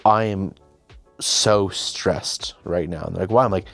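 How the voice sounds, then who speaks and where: A man's voice: low-pitched, a little slow, gravelly, a bit bright, soft background music. A young man hosting, casually telling a behind-the-scenes story, chatty and self-deprecating, often quoting himself and others. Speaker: host.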